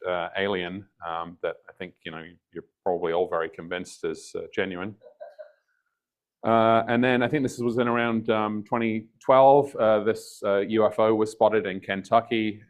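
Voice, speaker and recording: A man from the UK giving a public science lecture over a video call, dry and wry with many ums and uhs. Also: low-pitched. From UK, near Liverpool. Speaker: guest speaker.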